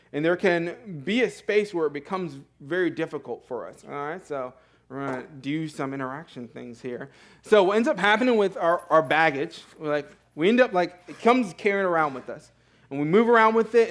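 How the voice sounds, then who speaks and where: A young man preaching a sermon in a church, in a conversational, earnest way with fillers and self-corrections. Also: a little high. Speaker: pastor. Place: church sanctuary.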